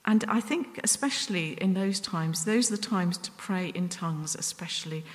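A woman preaching a sermon up at the front, earnest and self-deprecating, with pauses and restarts. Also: fairly low pitch. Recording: long reverb from a hall.

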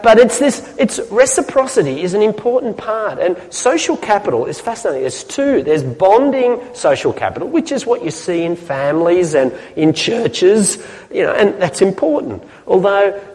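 A man preaching a sermon to a church audience in a chatty, lively way, often asking the listeners questions. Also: a little high, long reverb tail.

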